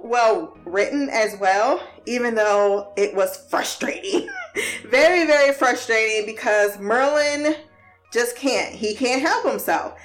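A woman's voice: on the high side, a bit bright. A woman giving a casual TV episode recap, profane, laughing and exasperated.

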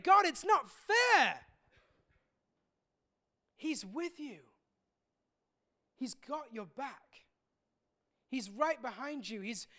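A man preaching a sermon as a pastor, earnest and reflective, pausing often and repeating words as he speaks. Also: very high-pitched, fairly bright tone.

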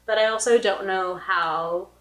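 A young woman hosting a podcast in casual chat, speaking deliberately and trailing off with fillers. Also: mid-range voice, fairly even intonation, a loud crowd. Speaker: podcast host. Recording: roomy echo.

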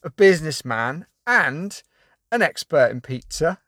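A man's voice: on the high side, big pitch swings, a little slow, a bit bright, no room sound. Jokey male podcast host, dry sound. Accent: South London. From West Country of England. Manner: jokey, laughs often. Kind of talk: casual podcast chat.

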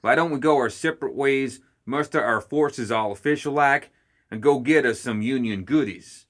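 A man's voice: medium pitch, normal speed, fairly bright tone, voice pushed up, lightly acted. A man voicing a brash, scheming female gremlin matriarch who talks in backwoods slang. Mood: sly, scheming. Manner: backwoods slang, bossy and sly.

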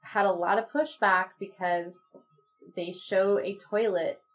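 A woman's voice: medium pitch, measured pace. A woman co-hosting a podcast, casually recapping a classic TV episode and acting out quoted lines. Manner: animated, acts out quoted lines, laughs often. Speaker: podcast co-host.

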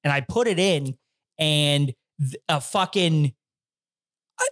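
A young man telling a story on a casual podcast, voice sitting a little high for a man. He rambles, swears freely and acts out what he said back then. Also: takes it slowly, fairly bright tone. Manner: rambling, swears often, acts out his own reactions. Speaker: podcast co-host and editor.

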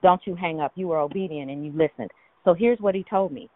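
A woman's voice: lowish voice, fast. A woman leading a prayer call, out of breath, speaking in an emphatic, encouraging way. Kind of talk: spirited prayer ministry on a call. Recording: tinny phone line.

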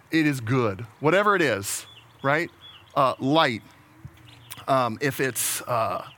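A man's voice: on the high side, bright, forceful tone. A man preaching a sermon in a casual, conversational way, often restarting his words and laughing at his own jokes. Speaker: pastor.

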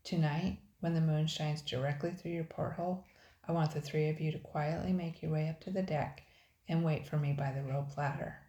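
A woman voicing a burly adult male sailor, stern but kind, speaking slowly, in a storybook reading in an echoey room. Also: deep voice, steady tone, mellow, lo-fi sound, close to an everyday voice. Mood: quiet.

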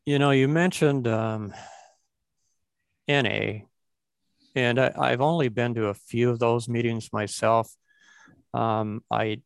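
Low gravelly man, reflective talk, dry close sound. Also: no room sound. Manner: reflective, restarts often. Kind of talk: recovery conversation.

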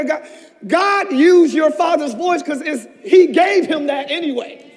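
A man pastor giving a passionate sermon, swinging between shouted peaks and hushed asides, recorded in a church. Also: very high-pitched, normal speed. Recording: long church reverb.

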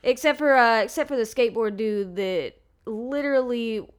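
Chatty woman, slightly high voice. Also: normal speed. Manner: chatty, laughs often, asks questions. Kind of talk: casual chat.

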